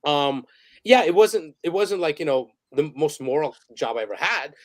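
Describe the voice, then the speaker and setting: In a relaxed storytelling interview, the guest, a photographer and director, speaks in a fairly high, expressive voice at a moderate pace. His tales wander, he swears without hesitation, and he restarts sentences, laughing throughout.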